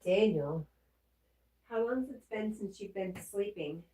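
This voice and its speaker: Hosting a relaxed early-morning livestream at home, this woman reads out viewer comments and talks baby talk to her dog. Her mid-range voice is mellow and animated but a little slow, picked up by a distant mic in a roomy space.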